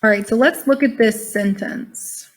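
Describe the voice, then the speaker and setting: Speaking a little slowly in a slightly high voice, this woman teaches an online class by video call, reading a text aloud and going over it casually. She sounds tired but stays chatty, addressing her students as "y'all."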